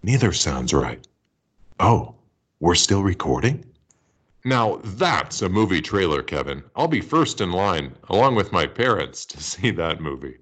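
A man's voice: deep voice, very animated, measured pace, fairly bright tone, breathy edge. A man co-hosting a podcast, moving between a comedy skit and a guest interview with dry, pedantic asides. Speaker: podcast co-host.

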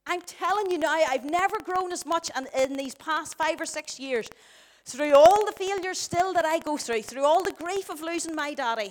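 Northern irish woman preaching, high voice, keeps firing questions at the church. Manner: emphatic, rhetorical questions to the congregation. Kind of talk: sermon.

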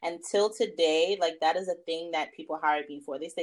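A woman with a fairly low voice tells a story as a guest in a casual interview. She is animated and fills her talk with "like" and "um." She acts out what people said to her with lively shifts in her voice. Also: a little fast, few pauses. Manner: animated, acts out quotes, many fillers like "like" and "um". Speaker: fashion stylist, guest. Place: New York area.

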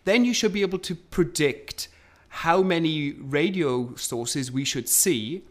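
A man's voice: a little high, expressive, a little slow. A man casually recounting the history of astronomy, with frequent ums and restarts. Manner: storytelling, hesitant with ums and restarts. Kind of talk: conversational science storytelling.

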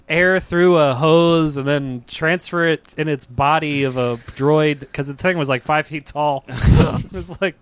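A man co-hosting a podcast in casual chat, teasing his partner with quick interjections on a close mic. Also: on the high side, clear, resonant tone. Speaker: podcast co-host.

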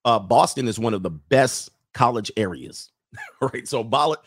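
A man's voice: medium pitch, lively intonation, a little slow, no echo, studio quality. A man hosting a livestream in casual chat, rambling and laughing often as he reads out viewer messages.

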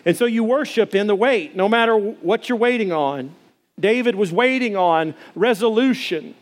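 A man's voice: high-pitched, moderate pace. A man in his forties from Arkansas, preaching a sermon in a folksy, conversational storytelling way. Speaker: pastor.

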